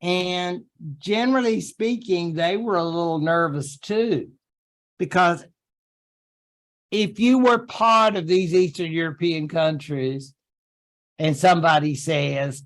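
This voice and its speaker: A man lecturing on history to his class, speaking slowly and taking his time. His voice sits a little high, and he keeps things chatty, dropping in jokey asides and quick made-up quotes. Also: fairly bright tone.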